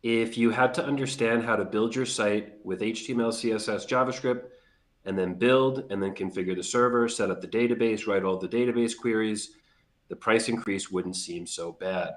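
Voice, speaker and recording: A man's voice: fairly low pitch, steady tone, moderate pace, roomy sound. A man co-hosting a livestream podcast, explaining his points plainly and reading viewer comments aloud. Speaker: podcast co-host. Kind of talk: casual livestream chat.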